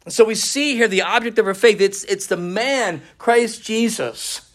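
A man preaching a sermon in an earnest, searching way, his voice sitting a little high for a man. He often restarts his phrases as he reasons aloud and quotes scripture. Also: normal speed, fairly bright tone. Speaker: pastor.

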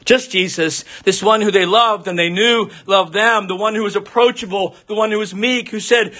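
A man's voice: high voice, steady tone, moderate pace, hardly any pauses, sharp tone. A man preaching an earnest expository sermon from the pulpit as a pastor.

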